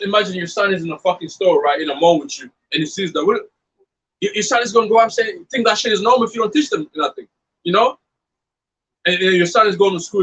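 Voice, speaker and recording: A man's voice: sits high, fairly bright tone, slightly rough, poor audio. A man preaching in a casual, profane, fired-up way, mixing scripture with blunt storytelling. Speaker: street preacher.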